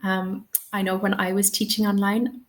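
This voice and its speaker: A woman's voice: mid-range voice, little pitch movement, normal speed. A woman hosting a live webinar, patiently answering questions and giving spoken examples. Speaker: English teaching trainer.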